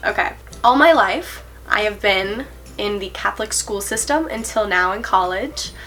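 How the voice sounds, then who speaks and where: Earnest, bright-voiced eighteen-year-old woman. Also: mid-range voice, expressive, normal speed. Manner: earnest, nervous, rambling with fillers and self-corrections; giggly, self-conscious laughs. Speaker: vlogger. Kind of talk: casual to-camera vlog.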